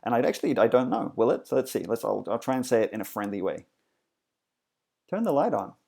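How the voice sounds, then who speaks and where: A man's voice: on the low side, rapid-fire, gravelly, darkish tone. A man teaching a coding lesson in a casual, explanatory way, with frequent fillers and self-corrections. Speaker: instructor. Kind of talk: screencast coding tutorial.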